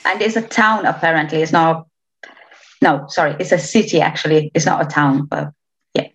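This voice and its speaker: A woman's voice: deep voice, moderate pace. Chatty young woman from Romania. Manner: chatty, hesitant restarts, laughs often. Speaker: interviewee. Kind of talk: casual interview chat. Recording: slightly dull lo-fi sound.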